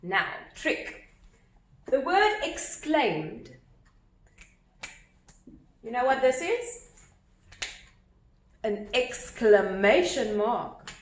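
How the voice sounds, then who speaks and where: A woman teacher explaining a grammar lesson step by step, animated and repeating key points. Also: on the high side, extremely slow, pauses often, slight background noise. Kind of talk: recorded grammar lesson at a whiteboard. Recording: echoey room with faint ambience.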